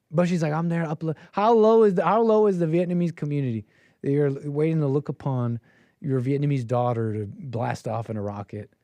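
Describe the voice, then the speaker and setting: Man, call-in show host, mocking rambling commentary, highish voice, mellow tone, dry close sound. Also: dry recording. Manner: mocking, rambling, quotes people in silly voices. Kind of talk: casual on-air commentary.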